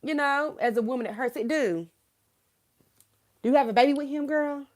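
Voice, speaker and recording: A woman's voice: high-pitched, moderate pace, darkish tone. A woman in her thirties giving a live tarot reading, talking frankly and laughing often as she calls the viewer girl. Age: 30s. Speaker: tarot reader.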